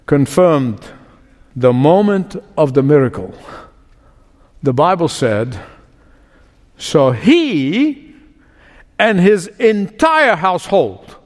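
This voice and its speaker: A man's voice: a little high, darkish tone, long reverb tail. A man preaching a sermon as pastor, emphatic and repeating key words.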